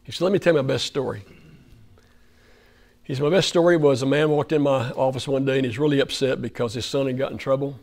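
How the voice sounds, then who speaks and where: A man's voice: medium pitch, steady tone, fast, gravelly, a little mellow. A man with an Oklahoma accent preaching a folksy, conversational sermon in a church fellowship hall, putting questions to the room.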